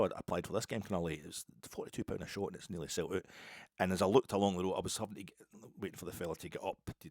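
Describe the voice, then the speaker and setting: A man's voice: low voice, dry recording, clean studio sound. An older Scottish man hosting a podcast, telling a self-deprecating story in a rambling, casual way with many restarts. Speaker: podcast host.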